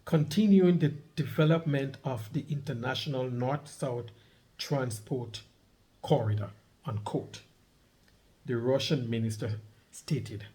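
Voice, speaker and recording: A man's voice: mid-range voice, a little slow, dark tone. Emphatic man talking business news. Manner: emphatic, repeats key points, asks listeners to underline words. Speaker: vlogger. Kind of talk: casual commentary reading a news article.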